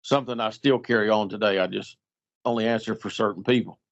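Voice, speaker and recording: Speaking fairly low and at a quick pace, this middle-aged guest storyteller recounts an anecdote in relaxed talk. He's animated and voices the characters himself, all captured on a dull lo-fi recording.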